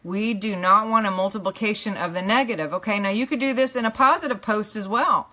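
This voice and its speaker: A woman teaching a live online class in an earnest, emphatic way, often checking in with her listeners and letting phrases drop low and soft at the end. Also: brisk. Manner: earnest, emphatic, repeats "okay?" to the audience. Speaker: teacher and minister. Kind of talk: live-streamed motivational teaching.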